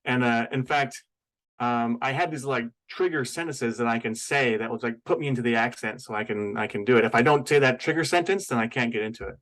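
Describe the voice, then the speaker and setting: A man co-hosting a podcast, talking about movies in a relaxed, conversational way. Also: medium pitch, fairly quick, rough recording. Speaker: podcast co-host. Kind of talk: casual film chat.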